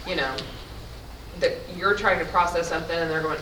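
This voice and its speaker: Woman, audience question, low voice, hesitant, roomy, distant from the mic, background noise. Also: fairly even intonation, a little fast. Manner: hesitant, searching for words. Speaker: audience member asking a question.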